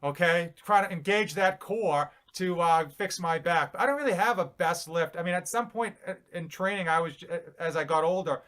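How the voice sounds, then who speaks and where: A man's voice: high voice, moderate pace, hardly any pauses, a bit bright. A middle-aged man co-hosting a casual live Q&A, rambling and self-deprecating with frequent restarts. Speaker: fitness YouTuber co-hosting a live Q&A. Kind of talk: casual live-stream chat.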